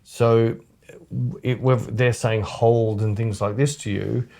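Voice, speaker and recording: A man's voice: medium pitch, fairly even intonation, slow, gravelly, mellow. A man, a photographer hosting a podcast, telling rambling, blunt, joking stories in casual chat.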